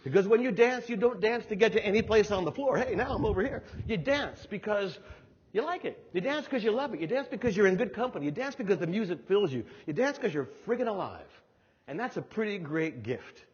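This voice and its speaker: An older keynote speaker with a high, slightly rough voice talks briskly through a motivational speech. His storytelling is animated and leans on emphatic repetition, captured in a dull recording with a lingering hall reverb.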